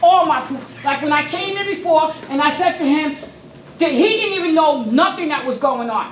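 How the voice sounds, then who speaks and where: An upset woman with a very high voice pours out an emphatic, pleading complaint at public comment. She sounds distant from the mic, her words ringing around an echoey meeting room with a faint hiss beneath. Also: animated, normal speed. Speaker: resident speaking at public comment. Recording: echoey room, picked up from afar.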